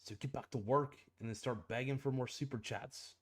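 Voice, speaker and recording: A man's voice: medium pitch, fairly even intonation, moderate pace, close to an everyday voice. A man doing a nagging mock-British producer. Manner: nagging, slangy, hammy. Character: pushy hustle-obsessed male executive producer.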